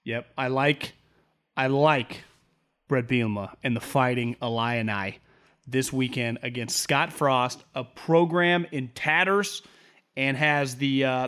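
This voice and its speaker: A man's voice: fairly high pitch, fairly bright tone, clear, resonant tone. A man co-hosting a sports podcast, talking football in a rambling, opinionated way and laughing often. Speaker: podcast co-host. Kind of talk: casual sports podcast chat.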